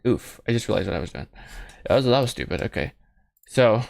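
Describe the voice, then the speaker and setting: A man's voice: mid-range voice, lively intonation, fairly quick, creaky, darkish tone, dry recording, clean studio sound. Rambling self-mocking man at his desk. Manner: rambling, self-mocking, jokey asides to himself. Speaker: animator streaming his film work. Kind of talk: casual thinking-aloud commentary while modeling.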